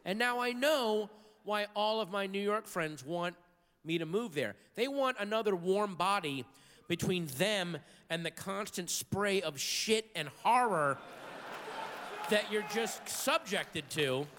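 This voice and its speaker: Stand-up guy on stage, high bright voice, yells out of nowhere, big echoey hall w/ audience. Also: slow pace. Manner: animated storytelling, sudden shouted outbursts. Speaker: stand-up comedian. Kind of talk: stand-up comedy routine. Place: large theater stage with live audience. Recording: live hall recording with crowd.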